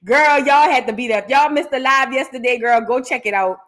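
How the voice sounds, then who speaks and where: A woman's voice: high-pitched, fairly quick. A woman hosting a live reaction stream, chatting casually with viewers, telling stories with lots of acted-out quotes and calling everyone "girl.". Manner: animated storytelling, calls viewers "girl", acts out quotes. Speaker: host of a live reaction channel. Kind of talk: casual livestream chat.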